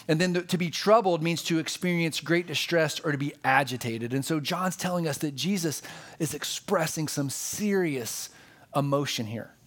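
Earnest preaching man, slightly high voice. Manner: earnest, conversational preaching, emphatic repetition. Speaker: pastor. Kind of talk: sermon.

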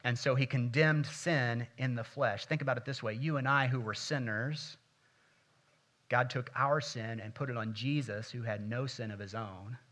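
Bright-voiced man preaching a sermon. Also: medium pitch, moderate pace. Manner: preaching with swelling intensity, reading scripture aloud. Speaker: pastor.

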